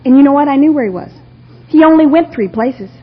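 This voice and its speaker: A woman's voice: high-pitched, expressive, fast talker. A woman from Texas sharing her own story at a recovery meeting, telling it with humor and frequent laughter. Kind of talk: personal recovery share to a live audience. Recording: lo-fi tape of a talk in a hall.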